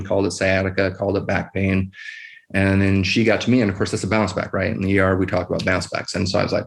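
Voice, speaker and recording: A middle-aged man speaks in a low, gravelly voice with very little rise and fall. As an emergency physician guest on a podcast, he tells his story in a quiet, measured way, pausing often. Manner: quiet, measured retelling with many pauses. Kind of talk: personal story in a podcast interview.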